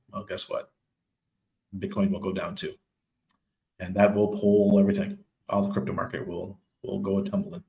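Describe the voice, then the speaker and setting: A man's voice: fairly low pitch, darkish tone. A man hosting a casual crypto livestream, reading viewer comments and answering in a loose, chatty way with lots of ums and laughs. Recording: echoey room.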